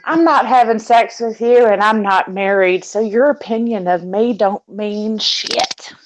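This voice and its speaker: A woman's voice: medium pitch, measured pace, noisy background. A woman from Texas with a Texan accent, chatting casually and telling stories with sweet, cutting sass. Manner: sassy storyteller, sweetly cutting. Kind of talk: casual chat.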